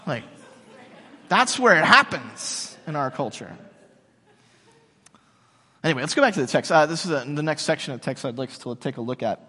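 A man preaching a sermon in a relaxed, chatty way, full of slang and fillers. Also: a little high, moderate pace, pauses often, breathy edge, long reverb tail. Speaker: pastor.

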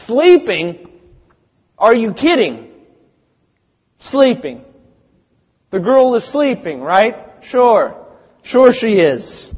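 Scornful mourner crowd that a guy puts on, higher and loud, husky, echoey. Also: big pitch swings, extremely slow, pauses often, exaggerated voice. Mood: mocking. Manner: sarcastic, jeering. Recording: dull sound with long reverb.

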